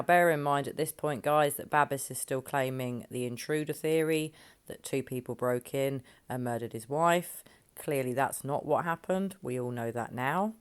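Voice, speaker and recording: Blunt low-voiced woman commentator. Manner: blunt, indignant, swears freely. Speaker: body language commentator, host. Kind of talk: commentary vlog.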